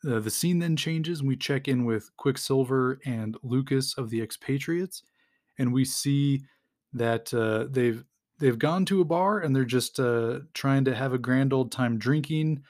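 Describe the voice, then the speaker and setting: An American man hosting a podcast, casually recapping a comic storyline with lots of fillers and quick little acted-out quotes. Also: medium pitch, a little mellow. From United States. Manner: rambling, lots of fillers, acts out quotes lightly. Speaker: podcast host.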